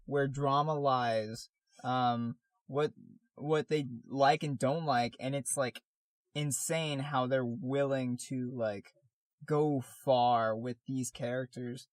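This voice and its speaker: A man's voice: mid-range voice, steady tone, slow, no echo. A man co-hosting a podcast in casual chat, rambling with lots of "like" and restarts as he gathers his thoughts. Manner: rambling, many fillers and restarts. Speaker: podcast co-host, artist.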